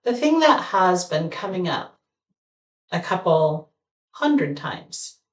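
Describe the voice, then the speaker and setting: Slow, reflective woman in an echoey room. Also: lowish voice, very animated. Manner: meandering, thoughtful, many pauses and fillers. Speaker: vlogger. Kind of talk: reflective solo talk to camera. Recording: echoey room, voice far from mic.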